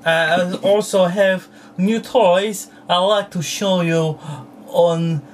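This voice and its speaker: A toy vlogger talking casually to a camera at home, playful and childlike in grammar, breaking into excited squeals. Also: medium pitch, slow, far from the mic, a little hiss or hum. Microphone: camera close up.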